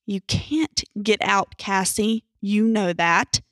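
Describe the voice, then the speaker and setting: A woman's voice: mid-range voice, fairly even intonation, takes it slowly, fairly bright tone, no room sound, clean studio sound. A woman voicing a tired, haggard middle-aged male doctor, speaking urgently, in a horror story reading. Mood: weary.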